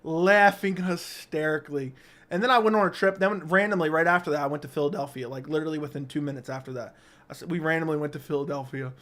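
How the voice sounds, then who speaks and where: A man with a high-pitched voice hosts a casual livestream from a studio mic. He tells profane stories in an animated, rambling way and stops to answer chat questions. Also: fast. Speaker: livestream host. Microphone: studio dynamic mic.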